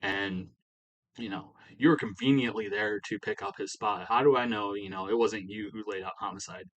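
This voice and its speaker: A man's voice: fairly low pitch, normal speed, fairly bright tone, low-quality recording. A man voicing a suspicious, hot-tempered wrestler. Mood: accusing. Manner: accusing, raised voice.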